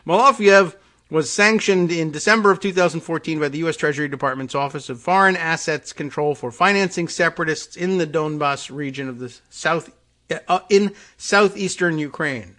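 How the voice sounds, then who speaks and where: A male podcast host reads news stories aloud and cuts in with dry, sarcastic remarks. His voice sits a little high for a man and has a bright, forceful edge. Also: normal speed. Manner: dry, sarcastic asides between read passages. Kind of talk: reading news aloud with commentary.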